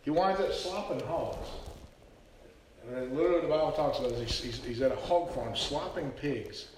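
Male preacher, earnest storyteller with stammered repeats, slightly high voice, very echoey hall from far off. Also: moderate pace, a little mellow, a little hiss or hum. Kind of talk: sermon.

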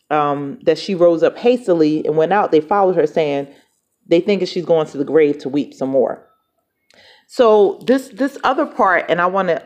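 A woman's voice: on the low side, darkish tone, dull audio. A woman preaching a podcast sermon, teaching through a Bible passage in a conversational way with frequent "right?" and restarted phrases.

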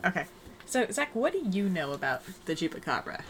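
A woman's voice: fairly low pitch, big pitch swings, fairly quick, slight background noise. A woman hosting a podcast in casual chat, explaining and telling stories in an upbeat way. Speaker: podcast host.

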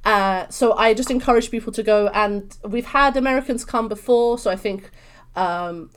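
A young woman from London with a British accent, a guest chatting in an interview, bubbly and expressive. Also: a little high, moderate pace. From London, England. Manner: bubbly, expressive, swings into animated voices. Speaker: podcast guest. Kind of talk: casual interview chat.

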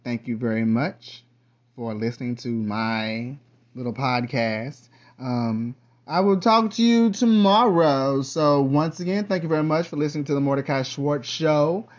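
A man hosting his own podcast in a casual, rambling monologue, with lively bursts and quiet trailing asides. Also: mid-range voice, muffled recording. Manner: chatty, loose, drifts between topics. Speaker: podcast host.

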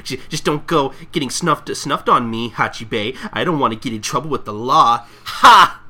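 A man casually recapping a manga chapter with friends, laughing and acting out lines in a high voice. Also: normal speed, pushed and bright, slightly rough. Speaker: podcast host.

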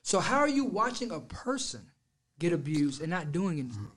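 A man in casual podcast chat, animated and arguing in quick bursts. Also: on the high side.

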